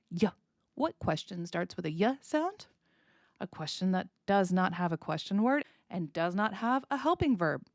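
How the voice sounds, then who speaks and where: American woman explaining speech, lively pitch. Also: dry recording, clean studio sound. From United States. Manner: clear, explanatory, demonstrates sounds with exaggerated intonation. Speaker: English teacher, podcast host. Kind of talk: podcast lesson.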